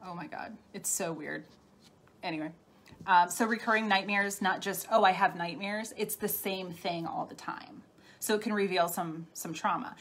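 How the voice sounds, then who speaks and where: A woman's voice: medium pitch, fairly bright tone. A middle-aged woman talking casually on a live stream as a spiritual healer, chatty and laughing often as she answers viewer comments. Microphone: phone or webcam.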